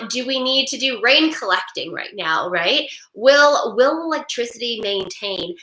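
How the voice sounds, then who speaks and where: A middle-aged woman hosting a webinar, talking in an animated, rambling, emphatic way. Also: fairly high pitch. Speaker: webinar host. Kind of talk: casual monologue. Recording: echoey room.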